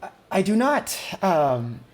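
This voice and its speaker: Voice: mid-range voice, sing-song, takes it slowly, voice pushed up. A game master voicing a small, busy female Harvin clerk who talks politely with many fillers. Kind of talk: tabletop game role-play.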